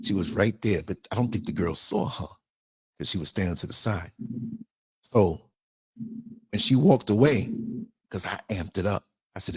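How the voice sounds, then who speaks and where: A man's voice: sits low, normal speed, long pauses, slightly rough. An older man from the United States, hosting a livestream and telling a story in a blunt, emphatic way. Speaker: podcaster host.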